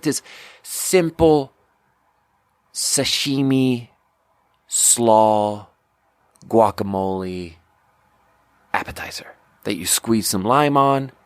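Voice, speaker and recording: Low-voiced man telling a restaurant story. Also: dry recording. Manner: animated, acts out quoted voices with big pitch jumps; frequent fillers like "like" and "you know". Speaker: podcast host; restaurant server. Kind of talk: casual storytelling monologue.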